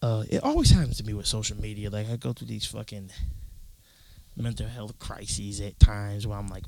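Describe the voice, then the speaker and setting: A man's voice: lowish voice, normal speed, vocal fry, low-quality recording. A young man hosting a casual solo podcast, rambling and cursing his way through a rant, recorded alone in his closet. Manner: profane, rambling, animated. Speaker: podcast host.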